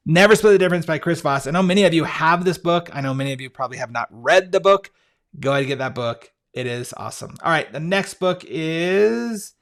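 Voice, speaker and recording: A man's voice: medium pitch, a bit bright. A man hosting a podcast, talking through book picks in a casual, enthusiastic way, with frequent fillers and restarts. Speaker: podcast host. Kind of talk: casual monologue recommending books.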